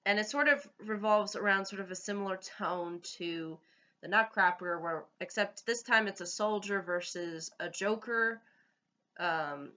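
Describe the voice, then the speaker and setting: A woman's voice: medium pitch, unhurried, pushed and bright. A woman talking casually to camera as a film review vlogger, hesitant and full of fillers and restarts.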